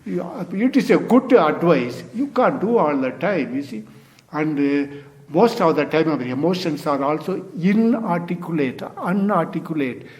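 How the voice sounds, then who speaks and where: Older Zen teacher giving a rambling talk. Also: male voice, on the high side, animated, unhurried, darkish tone. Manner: meandering, repeats "you see" and "you know"; non-native English phrasing. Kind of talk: dharma talk.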